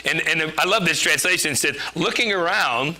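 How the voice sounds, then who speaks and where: Bright-voiced man preaching casually. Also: fairly high pitch, fairly quick. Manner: chatty, jokes and laughs at himself. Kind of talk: conversational sermon.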